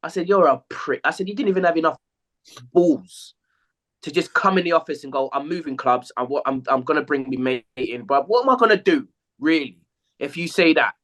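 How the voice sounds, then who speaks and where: A man tells a story on a casual football podcast, acting out both sides of an argument. His pitch swings widely from line to line. He swears freely and speaks in a loose, conversational way. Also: brisk. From England. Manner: animated storyteller, acts out quoted exchanges, swears freely. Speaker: podcast co-host, former footballer. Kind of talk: casual chat.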